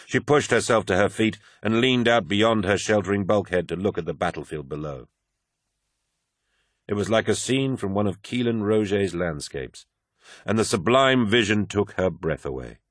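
A man reading a dramatic war novel as an audiobook narrator, in a measured, dramatic way. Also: lowish voice, expressive, no echo, clean studio sound. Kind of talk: scripted narration.

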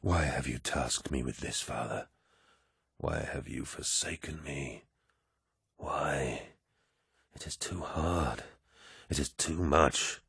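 A man voicing a grim, embattled male warlord commander in an audiobook, speaking low and bitter. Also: a little slow, a bit bright, no room sound, studio quality, exaggerated voice. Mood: anguished hush. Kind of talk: audiobook character voice.

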